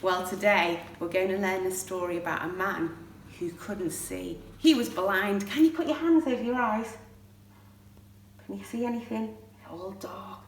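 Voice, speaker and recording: A woman telling a Bible story to pre-school children, animated and often asking them questions, recorded from a distant mic in a roomy space. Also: mid-range voice, normal speed, slight background noise. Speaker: children's church leader.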